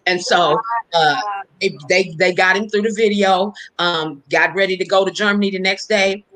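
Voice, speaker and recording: Lively woman telling a story. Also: medium pitch, normal speed, rough recording. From Inglewood, California. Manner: animated, acts out the voices in her stories. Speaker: guest storyteller, hairstylist. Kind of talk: casual anecdote telling.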